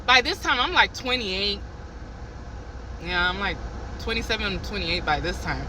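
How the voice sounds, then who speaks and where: A woman vlogging from a car, retelling a work story in an animated, heated way with many restarts. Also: mid-range voice, a little slow, slight background noise, low-quality recording. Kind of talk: casual storytime.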